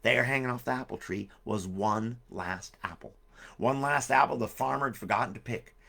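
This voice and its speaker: Jokey man telling stories, gravelly voice. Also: medium pitch, normal speed, bright, forceful tone. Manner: jokey, rambling asides. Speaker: storyteller. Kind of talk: live-streamed storytelling for kids.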